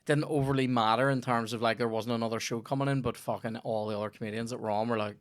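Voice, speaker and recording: A man's voice: medium pitch, fairly even intonation, quick pace. A young man, a comedian chatting casually on a podcast and telling rambling, sweary stories.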